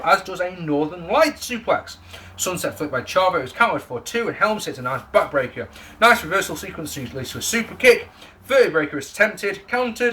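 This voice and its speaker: A man's voice: sits high, pushed and bright. A young man giving a casual, jokey, sweary spoken wrestling review to camera.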